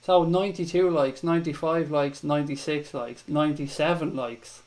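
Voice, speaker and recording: A man's voice: on the high side, fairly even intonation, normal speed, few pauses, low-quality recording. An Irish man hosting a live fan stream, chatting casually with viewers, calling them mate and swearing freely. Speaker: livestream host. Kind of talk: casual live chat reading viewer comments.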